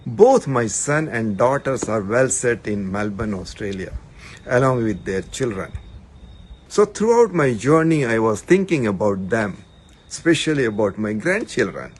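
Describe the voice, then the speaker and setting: A man's voice: medium pitch, big pitch swings, a little slow, slight background noise, rough recording. An older man from India, reading a travel anecdote about visiting his grandchildren. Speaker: listener telling a travel story.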